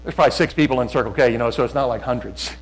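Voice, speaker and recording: A middle-aged male pastor preaching a fervent sermon, often loud, repeating words as he builds. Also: mid-range voice, very fast, husky, rough recording.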